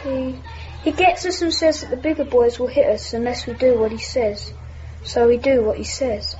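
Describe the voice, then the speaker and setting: A young actor playing a timid, frightened schoolboy who is being bullied. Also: female voice, fairly high pitch, fairly even intonation, moderate pace, darkish tone, lo-fi sound, slight background noise, lightly acted. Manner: timid, hesitant.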